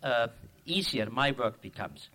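A man with an Icelandic accent giving a halting acceptance speech, with many pauses and fillers. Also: medium pitch, sing-song, heavy background noise. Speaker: award recipient.

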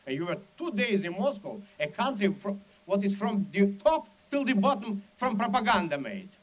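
A man's voice: sits high, very animated, moderate pace, poor audio. A Soviet émigré man with a heavy Russian accent and broken English, speaking urgently and emphatically as a dissident. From Soviet Union. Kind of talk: impassioned speech.

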